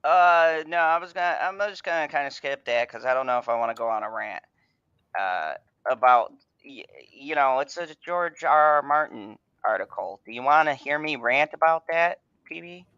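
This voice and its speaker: A man's voice: fairly high pitch, expressive, moderate pace, sharp tone, clean tone, no room sound. A man hosting an online fan podcast, ranting angrily with heavy profanity and stammered restarts. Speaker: podcast host. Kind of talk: ranting casual chat. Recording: dull, dry home mic sound.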